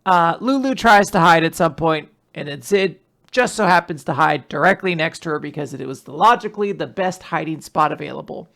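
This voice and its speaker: A podcast host casually recapping manga chapters, rambling and animated, with frequent asides. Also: mid-range voice, a little fast, vocal fry. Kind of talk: casual chat.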